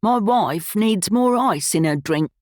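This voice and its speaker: A brash, rough-spoken Cockney man, done by a woman narrator, calling out loudly. The delivery is lively and dry-recorded for an audiobook. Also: medium pitch, slow pace, no room sound, pitched above the performer's own voice. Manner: rough, ungrammatical. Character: brash Cockney film actor, loud man.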